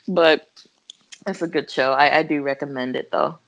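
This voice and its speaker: A woman's voice: sits low, moderate pace, creaky. A young adult woman co-hosting a podcast, chatting casually and laughing often as she retells scenes in acted-out voices. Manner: giggly, animated retelling with voiced quotes. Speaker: podcast co-host. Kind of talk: casual chat.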